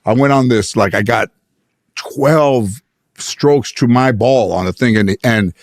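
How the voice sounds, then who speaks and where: A man guesting on a talk show, telling a comic anecdote with animated, profane energy, laughing often. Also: mid-range voice, takes it slowly, no echo, clean studio sound. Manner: animated, profane, laughing, mimics others' voices. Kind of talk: comedic anecdote storytelling.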